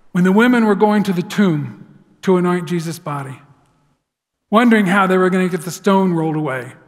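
A man preaching a sermon in a church sanctuary, telling the story with lively, dramatic flair. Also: high-pitched. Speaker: pastor. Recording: long church hall reverb.

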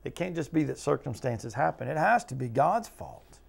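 A man's voice: a little high, animated, normal speed, vocal fry, breathy edge. A man teaching a Bible study as pastor, earnest and conversational, asking his listeners question after question. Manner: earnest, talks to listeners with repeated questions, acts out quotes.

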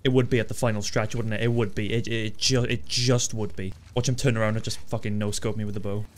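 A man commentating his own video game playthrough, easily frustrated, swearing often and breaking into excited outbursts. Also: fairly low pitch, fast talker, a little hiss or hum. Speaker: gaming channel host. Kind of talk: let's play commentary.

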